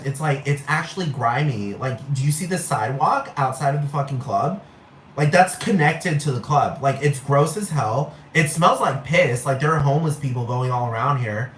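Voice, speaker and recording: A man's voice: mid-range voice, moderate pace, a bit bright, a little hiss or hum. A man giving a blunt, heated, profane rant as a vlogger, repeating his points. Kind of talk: profane ranting monologue. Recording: echoey room.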